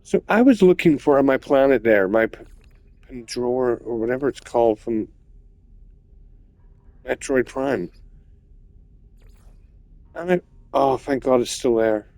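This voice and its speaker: A man's voice: mid-range voice, a little slow, pauses often, a little mellow, no room sound. A man ranting and swearing as he comments on his own gameplay, repeating himself in frustration. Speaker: gamer.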